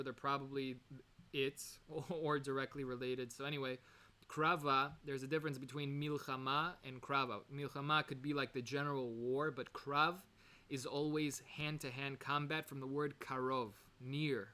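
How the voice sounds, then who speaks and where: Bright-voiced man teaching a casual lesson. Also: medium pitch. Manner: digressive, with many fillers and self-corrections; mixes Hebrew terms into English explanations. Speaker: Torah teacher. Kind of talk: informal recorded lesson.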